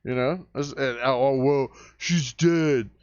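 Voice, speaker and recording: A man's voice: mid-range voice, slow, no echo. A man hosting a profane rant vlog, talking in a crude, sarcastic and fired-up way. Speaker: vlog host ranting. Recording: dull, lo-fi dry recording.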